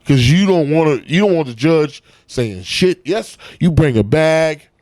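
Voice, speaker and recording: A man, an actor and comedian, telling profane, animated stories in a casual interview backstage at a comedy club. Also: on the high side, unhurried, dry recording. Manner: profane, animated storytelling with acted-out quotes.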